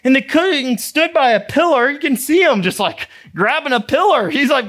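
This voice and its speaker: A male pastor preaching a sermon, animated and emphatic, acting out the people in his story. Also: very high-pitched, slow pace, hardly any pauses. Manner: animated, acts out characters, rising to emphatic exhortation.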